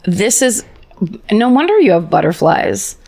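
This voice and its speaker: A woman co-hosting a podcast, chatting casually and jumping in with quick, playful asides. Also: medium pitch, sing-song, noisy background. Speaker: podcast co-host. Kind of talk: casual chat.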